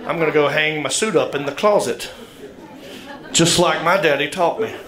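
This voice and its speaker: On an echoey comedy club stage, with crowd laughter rolling in the background, a middle-aged man spins a stand-up story. His Southern US accent comes through in a self-deprecating drawl that works up to the punchlines. He speaks at a moderate pace in a slightly high voice with a fairly bright tone.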